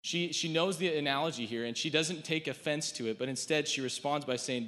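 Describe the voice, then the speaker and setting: A man giving a sermon in a relaxed, conversational way, with joking asides and quotes he acts out. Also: a little high, fairly quick, hardly any pauses, long reverb tail. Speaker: preacher.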